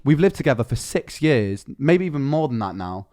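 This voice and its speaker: A man's voice: medium pitch, very animated, moderate pace, dark tone. A young man streaming live, telling a long story in casual chat, swearing and using slang freely.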